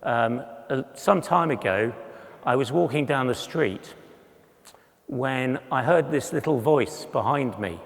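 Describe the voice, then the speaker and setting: Man in his sixties, conference speaker, unhurried, wry storyteller, hall reverb. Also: medium pitch, expressive, creaky, a bit bright. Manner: humorous, self-deprecating, acts out voices in anecdotes. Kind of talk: storytelling talk with slides.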